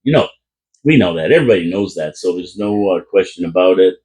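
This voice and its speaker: A man's voice: sits low, animated, fast, a little mellow. A man hosting a casual fan talk show, rambling and joking with his co-host at a desk mic in a small room. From Canada. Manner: goofy, rambling, jokey. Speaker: podcast host.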